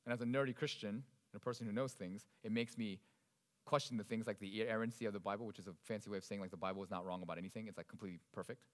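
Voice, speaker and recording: A man preaching a sermon in an expressive, conversational way, swinging between loud emphasis and quiet asides. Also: lowish voice, rapid-fire. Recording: long reverb of a large hall.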